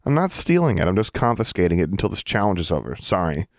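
A man's voice: low-pitched, sing-song, quick pace, darkish tone, dry recording, clean studio sound. Man doing a defiant teenage witch. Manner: blunt, defiant. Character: defiant teenage witch girl, quick-tempered.

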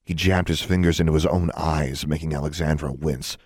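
A man reading a story aloud, expressive and giving each character a voice. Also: a bass voice, a little fast, few pauses, dry recording, clean studio sound. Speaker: audiobook narrator. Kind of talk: storybook narration.

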